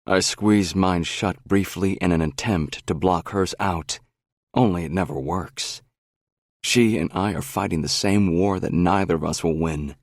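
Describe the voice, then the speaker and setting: A young adult man narrating a first-person romance audiobook in a brooding, unhurried way on a close studio mic. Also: sits low, dry recording.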